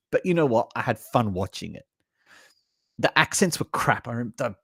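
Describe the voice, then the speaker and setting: A man's voice: medium pitch, no room sound. Aussie guy ranting on a live stream, swears a lot, voice goes all over, dry close mic. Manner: animated, blunt and sweary, reads chat comments aloud. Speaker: livestream host reviewing horror movies. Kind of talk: casual live reaction chat.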